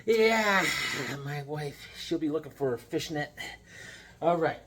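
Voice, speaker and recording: A middle-aged man vlogging about comic books in a casual, rambling way, full of restarts and animated retellings. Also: on the high side, measured pace, a loud crowd. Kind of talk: casual chat.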